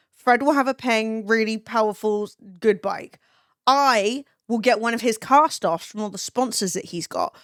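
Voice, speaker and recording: High-voiced chatty woman. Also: no echo, studio quality. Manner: chatty, swears freely, laughs often. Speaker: live streamer. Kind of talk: casual live-stream chat, reading chat.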